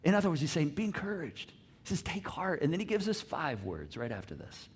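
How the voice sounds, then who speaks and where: Animated male pastor preaching. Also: fairly high pitch, quick pace, slightly rough. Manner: animated, swings from loud emphasis to soft hushed lines; repeats words on restarts, asks the congregation questions. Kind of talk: sermon.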